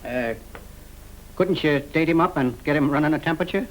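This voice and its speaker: A man's voice: on the high side, a little fast, a little hiss or hum, close to an everyday voice, rough recording. An actor playing a wisecracking small-time con man disguised as a clergyman, with a slangy, stammering patter, in a 1930s film comedy. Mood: scheming, jokey.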